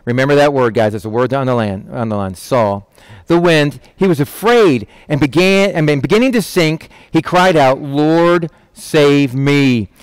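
A man preaching a sermon, lively and conversational, often asking "right?" and acting out quoted lines in changing voices. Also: medium pitch, moderate pace, clean tone, no room sound.

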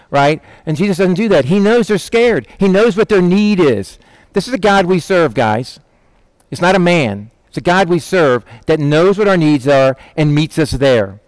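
A man preaching a sermon, lively and conversational, often asking "right?" and acting out quoted lines in changing voices. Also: fairly high pitch, normal speed, smooth, no echo.

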